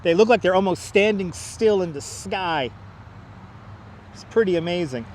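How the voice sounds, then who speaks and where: A man's voice: high-pitched, animated, moderate pace, a little hiss or hum. A man hosting a planespotting livestream outdoors, chatty and joking as he calls out incoming flights on a clip-on mic. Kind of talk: casual live commentary. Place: outdoors near an airport. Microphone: wireless clip-on mic.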